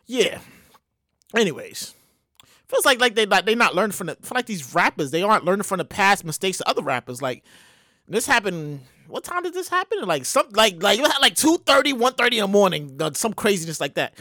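Animated man with stammering restarts. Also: sits high, fairly quick, dry recording, studio quality. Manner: bursts into loud mock exclamations. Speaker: news commentary vlogger. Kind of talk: casual news commentary.

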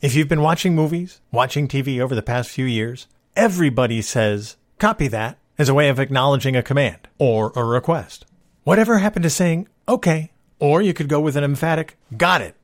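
A man's voice: mid-range voice, a little fast. A man hosting a casual solo podcast, talking in a wry, exasperated way. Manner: wry, exasperated complaining about movie cliches. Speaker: podcast host.

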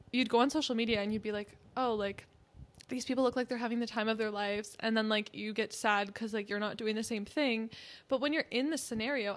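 A woman in her early twenties co-hosting a podcast, rambling casually with many fillers. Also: on the high side. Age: early 20s. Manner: rambling, filler-heavy, laughs often. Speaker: podcast co-host. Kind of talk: casual chat.

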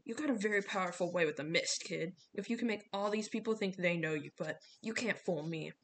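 A gruff, blunt middle-aged coach who grumbles and barks orders, as a woman reads him. His voice carries a gravelly edge, and he talks in short, clipped bursts. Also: lowish voice, a little fast, slight background noise, close to an everyday voice.

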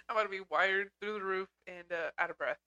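A young woman co-hosting a podcast, chatting loudly with lots of laughing and swearing. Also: medium pitch, wildly swooping pitch, normal speed, muffled recording. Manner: loud, laughing, profane banter. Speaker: podcast co-host. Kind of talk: casual chat.

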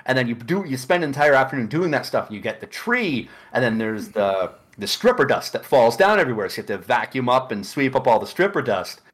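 A man's voice: mid-range voice, fast talker, few pauses. A middle-aged man co-hosting a casual chat, rambling through anecdotes and acting out the quotes. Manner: rambling storyteller with animated, acted-out quotes.

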